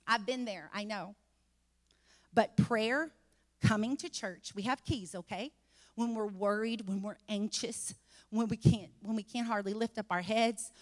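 A woman preaching a sermon in a church, fervent and repetitive, rising to shouts. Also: fairly high pitch, in a large hall.

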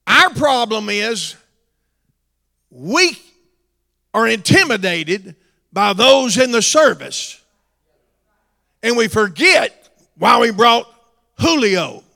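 A pastor preaching a sermon, swinging between shouted calls to the congregation and hushed, drawn-out storytelling. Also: male voice, high-pitched, very animated, creaky. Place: church sanctuary. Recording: long reverb of a church hall.

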